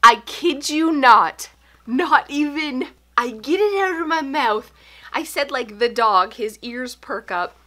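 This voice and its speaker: A woman in her thirties telling a story to camera in a casual vlog, animated and breathless, breaking into laughs. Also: sits high, takes it slowly. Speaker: home organizing vlogger.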